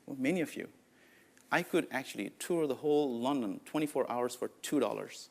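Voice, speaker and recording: A man's voice: mid-range voice, a little fast, creaky. Nepali-accented man giving a keynote. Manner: anecdotal, lively, many "uh, you know" fillers. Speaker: conference speaker. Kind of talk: conference keynote talk.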